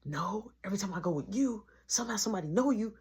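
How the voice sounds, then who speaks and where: A man voicing a sneaky younger boy who talks low and hushed, plotting mischief in a husky voice. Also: animated, quick pace, exaggerated voice.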